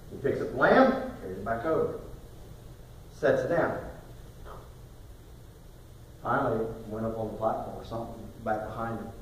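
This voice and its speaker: A man preaching a sermon, telling a story in a quiet voice that rises into loud, emphatic bursts. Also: mid-range voice, slight background noise. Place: church sanctuary. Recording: echoey hall recorded from far off.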